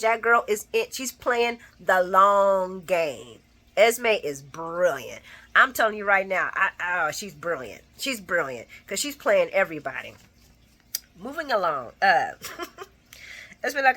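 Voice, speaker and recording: A woman hosting a casual soap opera recap, animated and blunt, laughing often and acting out the characters' lines. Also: mid-range voice, measured pace. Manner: blunt and profane. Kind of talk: casual spoken episode recap.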